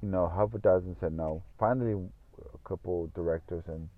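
A man's voice: low voice, normal speed, no room sound. A man telling a story in a casual monologue, rambling, repeating himself and swearing often. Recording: tinny phone-like audio.

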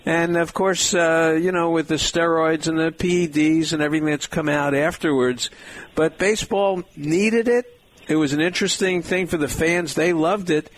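A fairly high-voiced man hosts a sports talk radio show with an upbeat, lively delivery. He tosses topics to his co-host and guest in a casual chat. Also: moderate pace.

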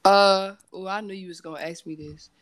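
A woman's voice: mid-range voice, steady tone, a little fast, no room sound. A woman guest on a podcast, talking in a loose, candid way with many fillers and self-corrections. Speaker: podcast guest, entrepreneur and singer. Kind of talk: casual chat.

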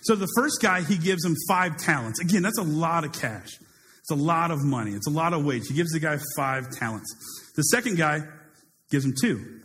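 A man preaching a sermon in a casual, animated way, paraphrasing a story and acting out its characters. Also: a little high, moderate pace, big-room sound.

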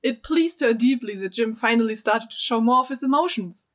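A woman's voice: on the high side, a little fast. A woman reading a story aloud with friends as narrator, chatty and giggly, stopping for jokes. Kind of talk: casual read-aloud with friends.

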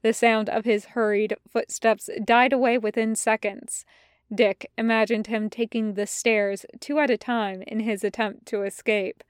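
Slow, clear woman audiobook narrator. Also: a little high, level tone, dry recording, studio quality. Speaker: podfic reader.

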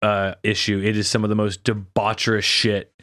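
A man's voice: on the low side, monotone, moderate pace, fairly bright tone. A man co-hosting a casual gaming podcast, laid-back and teasing, swearing freely as he chats. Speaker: podcast co-host. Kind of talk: casual chat.

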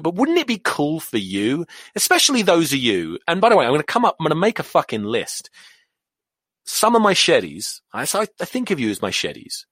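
On a dry recording, a middle-aged man from England hosts his solo podcast in a slightly high, bit-bright voice, his English accent drifted toward American. Queasy and nauseous, he rambles, swears, and mocks himself.

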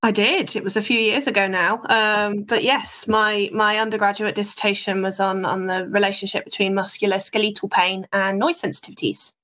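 A woman guest, an animal behaviourist, answering interview questions in a friendly, measured, informative way. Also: medium pitch, fairly even intonation, fairly bright tone.

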